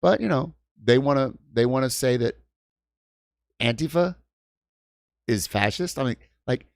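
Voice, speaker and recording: A man in his fifties rants through a casual livestream chat, swearing freely and tripping over his own restarts. His voice has a gravelly edge at a middle pitch, recorded dry and close. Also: lively intonation, measured pace, no room sound. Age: 50s. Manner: swearing, ranting, stumbling restarts. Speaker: livestream host. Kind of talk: heated casual stream chat. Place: home in New York.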